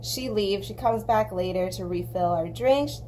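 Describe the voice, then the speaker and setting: A woman's voice: medium pitch, a little slow, slight background noise. Chatty woman telling a story while coloring. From southern California. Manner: chatty, animated, acts out quoted voices. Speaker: art channel host.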